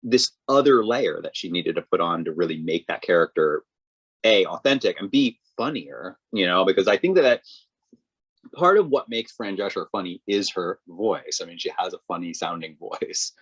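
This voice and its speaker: A man co-hosting a podcast, talking casually with halting, restarting sentences. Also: low-pitched, lively intonation, a bit bright, slightly rough, dry recording, highs cut off. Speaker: podcast co-host. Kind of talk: casual chat.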